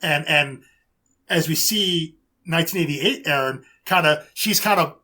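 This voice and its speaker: A man co-hosting a podcast, talking casually and haltingly with many repeated words and fillers. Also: on the high side, pushed and bright. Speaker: podcast co-host.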